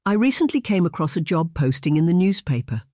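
A lively young woman with a mischievous streak, coaxing and conspiratorial, as a reader puts her on. She talks in a light, encouraging way. The sound is dry and close. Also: mid-range voice, brisk, dry recording, close to an everyday voice.

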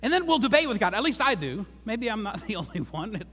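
A pastor preaching in a church sanctuary, his voice high for a man and bouncing off the walls in a long reverb. He talks to the room conversationally and slips in joking asides. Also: very animated, quick pace, a bit bright, slightly rough. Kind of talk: sermon.

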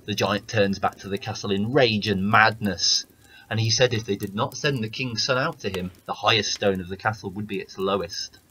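A man reading a fairy tale aloud as a storyteller, in steady, plain narration. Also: lowish voice, moderate pace, slight background noise, rough recording.

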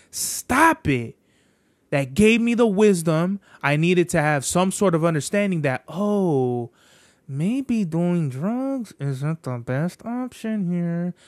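A man's voice: a little high, no echo, clean studio sound. A man hosting a podcast in a casual, rambling monologue, full of slang and swearing. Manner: profane, slangy, rambling storyteller. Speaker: podcast host.

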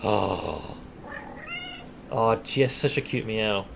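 Excitable swearing male game streamer. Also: on the low side, slow pace, gravelly, noisy background. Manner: excitable, swears often, shouts when startled. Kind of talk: live gameplay commentary.

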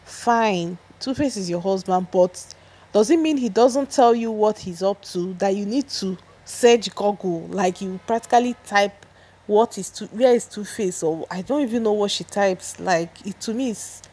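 A woman's voice: mid-range voice, a little slow, mellow, breathy edge. A woman giving a chatty, opinionated gossip recap, often restarting her sentences. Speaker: celebrity gossip vlogger.

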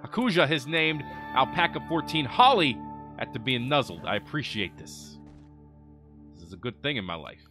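A man giving animated let's-play commentary, reacting loudly and chatting to the characters on screen. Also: medium pitch, normal speed, over music. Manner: excitable, chatty, talks to game characters. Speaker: gaming video host.

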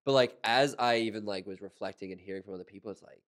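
A man's voice: on the low side, quick pace, a bit bright. A man hosting a casual interview in a laid-back manner. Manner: laid-back, lots of "like" fillers. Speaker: interview host.

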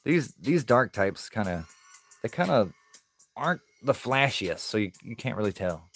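A man's voice: on the low side, big pitch swings, moderate pace, a bit bright, faint music behind. A man chatting casually on a live stream as he opens card packs, easygoing and laughing often.

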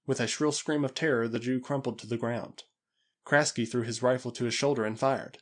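Male audiobook narrator, measured delivery. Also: medium pitch. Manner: measured, even storytelling.

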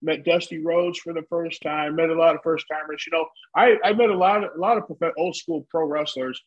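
A man in his fifties from the United States, co-hosting a casual chat. His voice sits high and sounds husky, and he swears his way through rambling stories. The recording is dull and lo-fi. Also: fairly even intonation, fairly quick. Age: 50s. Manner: profane, rambling storyteller. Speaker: co-host, former pro wrestler.

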